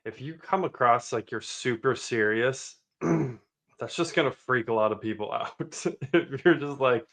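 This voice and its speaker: A man co-hosting a sales podcast, telling stories in a casual, animated way and acting out sales pitches. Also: measured pace, vocal fry. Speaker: podcast co-host.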